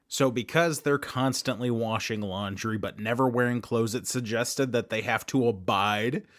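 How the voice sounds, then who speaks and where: A man's voice: mid-range voice, unhurried, fairly bright tone, dry recording. Chatty man in his thirties, dry sound. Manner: chatty, laughs often, jumpy emphasis. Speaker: show host. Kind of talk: casual commentary monologue.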